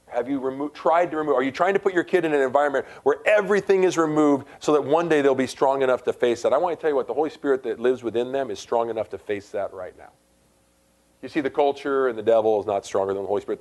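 A middle-aged male pastor preaches in a relaxed, conversational way, telling stories and then pushing his voice up loud to make a point. His voice sits at an ordinary male pitch and swings between quiet asides and strong bursts. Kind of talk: sermon.

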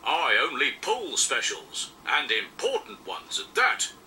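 A man voicing a boastful, haughty big male express engine in a children's storybook reading, slow and loud. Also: medium pitch, very animated, a little hiss or hum, exaggerated voice.

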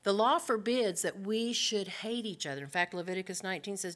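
Woman, Bible study teacher, middle pitch, earnest, direct, rhetorical questions, slows for emphasis. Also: expressive. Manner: slows down to stress key points.

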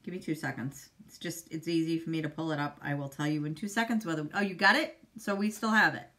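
A middle-aged woman hosts a casual live makeup demo from home, chatting with viewers and answering them by name. Her voice is low and a bit bright, and she talks at a quick pace.

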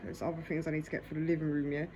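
A woman with a low voice and little pitch movement talks very fast while eating dinner, vlogging casually from her living room on a phone in her lap. She ends nearly every phrase with "yeah?", and the recording is very noisy.

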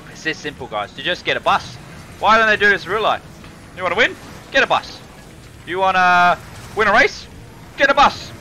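A young man, excitedly commentating his own car game, swearing and calling everyone mate. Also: on the high side, slight background noise, rough recording. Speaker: gaming video host. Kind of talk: casual gameplay commentary.

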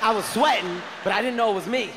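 A man with a high, bright voice tears through a stand-up set, loud, profane and animated. His voice rings through a big hall, with a faint hum of the crowd behind him. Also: fast talker. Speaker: stand-up comedian. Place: large theater stage. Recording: live stage mic with hall reverb.

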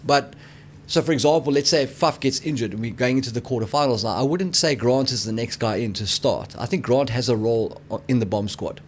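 A man's voice: medium pitch, a little fast, slight background noise. A man co-hosting a rugby podcast in casual sports chat, blunt and opinionated, often calling his co-host mate.

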